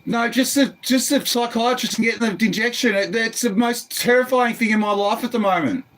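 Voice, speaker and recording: Aussie guy yelling and swearing at cops, super high pitched, keeps repeating himself, phone recording. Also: fairly quick, slight background noise. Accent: Australian. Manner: agitated, swearing, often shouting, repeats himself. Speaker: man arguing with police through his door. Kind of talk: heated argument.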